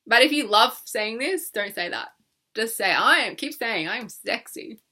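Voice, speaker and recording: A woman's voice: on the high side, animated, moderate pace, pushed and bright. A young woman leading a guided tapping session in a playful, coaxing way, laughing often and exaggerating her words. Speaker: EFT tapping coach.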